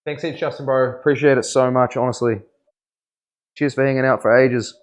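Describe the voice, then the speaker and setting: A man's voice: mid-range voice, steady tone, moderate pace. A young man, a tattoo artist, chatting casually on a live stream while he works, laughing often and thanking viewers. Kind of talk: casual livestream chat while working.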